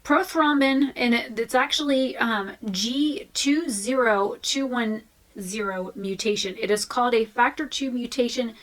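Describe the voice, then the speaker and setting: Chatty woman vlogging, a bit high. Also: a little slow, crowd noise, low-quality recording. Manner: chatty, frank, with fillers and restarts. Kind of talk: candid casual talk to camera.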